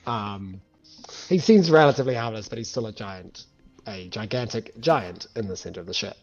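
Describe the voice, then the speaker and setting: A man's voice: on the low side, lively intonation, normal speed, a little mellow. A man narrating a tabletop game as game master, loose and full of fillers, on a muffled lo-fi recording with faint music.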